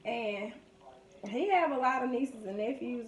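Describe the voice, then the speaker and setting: A woman's voice: on the high side, a little slow, far from the mic, slight background noise. A woman, telling family stories in a casual vlog and acting out the people she quotes. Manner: chatty, reminiscing, quotes people in lively voices. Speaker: vlogger. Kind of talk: casual storytelling during a food video. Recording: echoey room.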